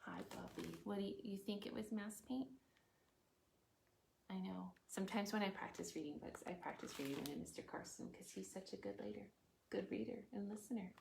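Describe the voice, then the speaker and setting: A woman, a children's librarian, leading a preschool storytime: she sings animal songs and reads a picture book in a gentle, sing-song way. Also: medium pitch, a little fast, creaky, a little hiss or hum. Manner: sing-song, gentle, talks softly to her cat and young viewers.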